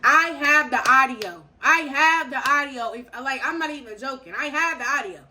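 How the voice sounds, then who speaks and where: A young woman telling a story to her viewers in casual slang, animated and repeating phrases for emphasis. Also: sits high, moderate pace. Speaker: storytime vlogger.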